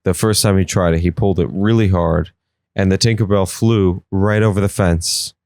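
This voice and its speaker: A young man hosting a podcast, telling comic stories in an animated way. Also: sits low, moderate pace, no room sound, studio quality. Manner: animated, swings into silly voices. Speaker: podcast host. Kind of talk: comedic storytelling.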